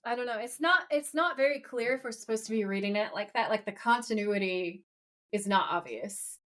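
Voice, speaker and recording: A woman co-hosting a podcast, chatting casually as she retells scenes in a lively storytelling way. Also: fairly high pitch, fairly quick. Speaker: podcast co-host. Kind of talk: casual episode recap chat.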